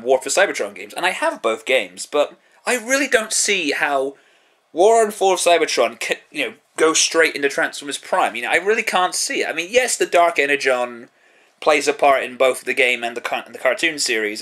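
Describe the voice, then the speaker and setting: A man's voice: a little high, a bit bright. A British man giving a casual, sarcastic spoken review, swearing freely and cracking self-mocking jokes. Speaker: TV show reviewer.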